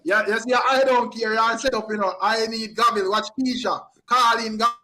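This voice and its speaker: A man hosting a casual panel talk, cutting in and repeating himself to calm others down. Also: very high voice, normal speed. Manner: talks over others, keeps repeating hold on.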